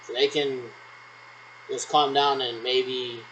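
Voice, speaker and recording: A man's voice: medium pitch, little pitch movement, takes it slowly, a bit bright, slight background noise, poor audio. A man rambling through pretend radio checks on his own, ending turns with "over". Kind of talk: solo role-played radio checks.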